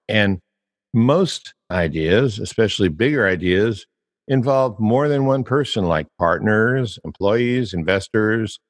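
A man's voice: fairly low pitch, big-room sound. An older man hosting a casual podcast about copywriting, musing and teasing with emphatic turns. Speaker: podcast host.

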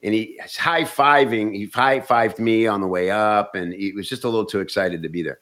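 A comedian and actor telling stories in casual chat, animated and often restarting words. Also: male voice, fairly low pitch, brisk.

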